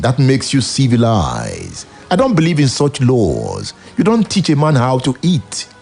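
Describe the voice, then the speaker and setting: A Nigerian-accented male radio host with a gravelly, husky voice, speaking slowly and with deliberate weight. His pitch swings widely, rising and falling sharply as he preaches, and a faint music bed plays under him. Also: a little mellow. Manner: preachy, emphatic, rhetorical questions. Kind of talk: opinionated radio commentary.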